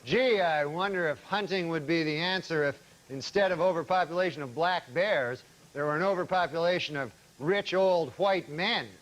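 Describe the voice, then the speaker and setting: A man's voice: a little high, moderate pace, a bit bright, slight background noise, low-quality recording. A man delivering comedy news-desk jokes. He reads dry, newsreader-style setups and follows them with sarcastic punchlines.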